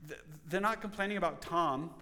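A man preaching a sermon as pastor, earnest, dropping to soft tones for emphasis. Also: high voice, fairly quick, in a large hall.

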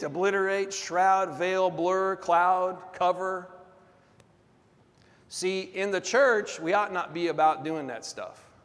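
A male pastor preaching a sermon with call-and-response and drawn-out emphatic phrases, in a large church hall. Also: sits high, a bit bright. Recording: long reverb of a big hall.

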